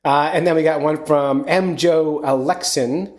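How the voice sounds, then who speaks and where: A man's voice: on the high side, fairly even intonation, a little slow. Chatty man hosting a fishing podcast. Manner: rambling, chatty, many fillers and restarts. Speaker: podcast host. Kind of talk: casual chat.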